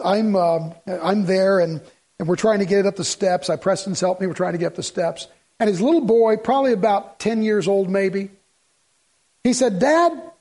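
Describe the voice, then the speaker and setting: Husky, high-voiced man preaching emphatically. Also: dark tone. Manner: folksy, emphatic preaching with rhetorical questions. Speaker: pastor. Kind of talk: sermon.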